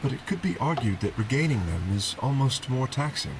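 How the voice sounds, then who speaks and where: A man's voice: medium pitch, sing-song, fairly quick, heavy background noise, pitched below the performer's own voice. Man doing Kei, tired and apologetic. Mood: weary. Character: weary young man with a splitting headache. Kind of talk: voicing game dialogue.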